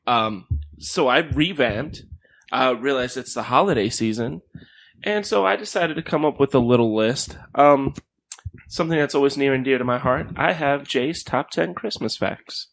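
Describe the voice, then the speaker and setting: A man's voice: mid-range voice, moderate pace, creaky, slight background noise. A man from Miami co-hosting a podcast in casual chat, telling stories with playful voices. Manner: animated storytelling with playful character voices. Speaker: podcast co-host presenting a list.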